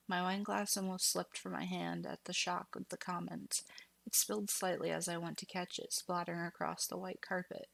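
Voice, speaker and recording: A woman reading a horror story aloud as scripted narration in a hushed manner that slips into whispers. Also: on the low side, level tone, normal speed, vocal fry, dry recording.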